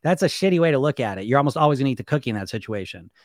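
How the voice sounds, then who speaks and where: A man's voice: medium pitch, very fast, no echo, studio quality. A man coaching on weight loss in a casual live stream, talking animatedly and acting out the voices in people's heads. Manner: animated, acts out inner voices in shifting tones.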